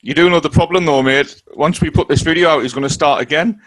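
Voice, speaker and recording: A man interviews a boxer, his voice sitting a little high. He keeps things casual, nodding along with short "ayes" before asking his next question. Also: steady tone, fast, fairly bright tone, rough recording.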